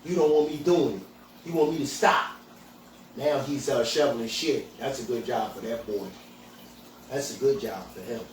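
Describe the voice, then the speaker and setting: A man's voice: medium pitch, normal speed, a little hiss or hum. A man hosting a podcast, ranting bluntly and profanely. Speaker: podcast host and hemp dispensary owner. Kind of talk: angry outspoken rant. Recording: echoey room, voice from far off, faint ambience.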